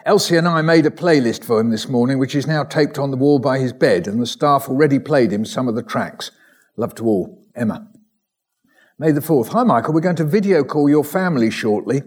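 A man at an ordinary mid pitch reads a string of short letters aloud at a steady, measured pace. Now and then he breaks off with a dry aside or a quiet laugh. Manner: measured reading with wry asides and soft laughs. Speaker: recovered patient reading his ICU diary.

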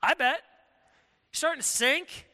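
A man preaching a sermon in a casual, animated way, often acting out quoted voices. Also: extremely high pitch, measured pace. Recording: long hall reverb.

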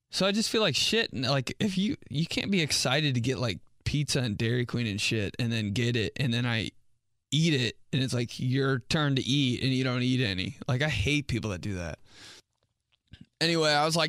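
A man in his twenties talks through comic stories in a loose, rambling monologue, stuffed with fillers. His pitch sits mid-range for a man. The sound is dry and close, with no room around it. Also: expressive, fairly quick, a bit bright, dry recording. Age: 20s. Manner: rambling, filler-heavy with frequent "like". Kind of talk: casual comedic monologue.

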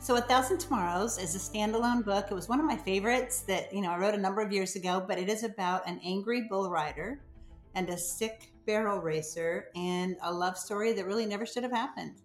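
A woman's voice: medium pitch, fairly quick, soft background music. Earnest woman telling a story in an echoey room. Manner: earnest, retells conversations with quoted voices. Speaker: novelist guest. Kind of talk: podcast interview storytelling.

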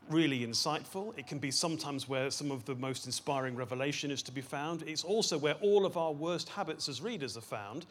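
A man reading scripture aloud, then teaching a seminar on it, slowing down and stressing single words. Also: mid-range voice, a bit bright.

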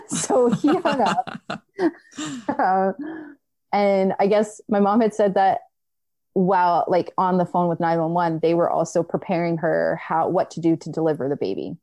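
A young woman telling a personal story in casual chat, animated, acting out what others said, with many filler "likes". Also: lowish voice, unhurried, no room sound.

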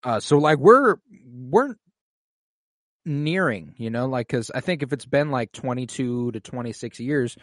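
A man's voice: mid-range voice, expressive, unhurried, dry recording, clean studio sound. A man in casual podcast chat, recapping an episode with feeling, swearing freely and saying "like" often.

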